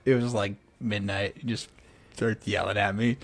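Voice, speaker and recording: Young male podcast co-host with a low voice and dry, joking delivery. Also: flat delivery, moderate pace, creaky. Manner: dry, wisecracking banter. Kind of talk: casual chat.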